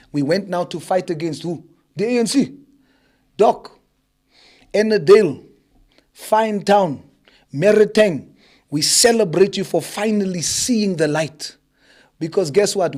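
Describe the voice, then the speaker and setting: Fiery high-voiced South African man. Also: darkish tone. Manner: fiery, rhetorical questions, mixes in Afrikaans phrases. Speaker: politician guest. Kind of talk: impassioned political talk.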